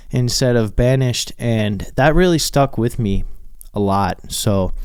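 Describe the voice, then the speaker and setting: A man's voice: mid-range voice, lively intonation, a little slow, darkish tone, clean tone, dry recording. Rambling, swearing young man podcaster. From Minnesota. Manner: rambling, swears freely, laughs often. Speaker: podcast host. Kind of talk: casual solo podcast monologue.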